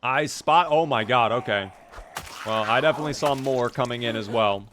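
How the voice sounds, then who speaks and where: A hoarse man commentating his own gameplay live, chatting with viewers and answering their questions. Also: mid-range voice, normal speed, background noise. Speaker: streamer.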